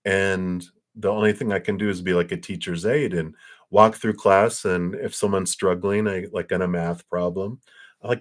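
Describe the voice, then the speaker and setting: A man giving a casual spiritual talk on a livestream, animated and acting out quotes between chuckles. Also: low-pitched, moderate pace. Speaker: spiritual reader.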